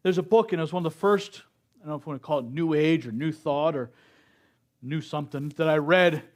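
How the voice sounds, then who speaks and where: Male speaker, middle-aged, higher register, slow earnest sermon delivery. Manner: slow, earnest preaching with acted-out quotes. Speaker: speaker at a spiritual center service.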